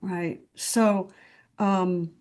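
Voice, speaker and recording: A woman's voice: lowish voice, fairly even intonation, drawn-out words, a little mellow. A woman speaking candidly in a video-call sharing group, blunt and swearing, with many fillers and restarts.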